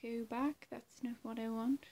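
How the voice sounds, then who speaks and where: A woman's voice: a little high, fairly even intonation, unhurried, a little mellow. A woman in casual chat between her impressions, giggly and self-deprecating, who swears casually. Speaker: impressionist video creator.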